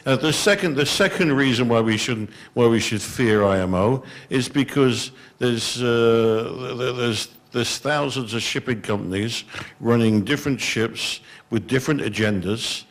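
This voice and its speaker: A man's voice: medium pitch, normal speed. Blunt middle-aged Englishman on a panel. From England. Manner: blunt, exasperated, frank. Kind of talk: panel discussion answer. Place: conference hall.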